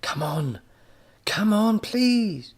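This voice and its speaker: A man voicing an excitable young boy hero who shouts with breathless urgency in a storybook. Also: high voice, very slow, slightly rough, voice pushed up, exaggerated voice. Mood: desperate.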